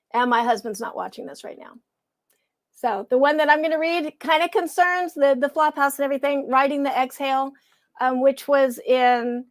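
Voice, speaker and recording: A woman co-hosting a poetry live stream over a video call, chatting casually and then reading her poem more slowly and lower. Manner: chatty and self-deprecating, reads verse slower and lower.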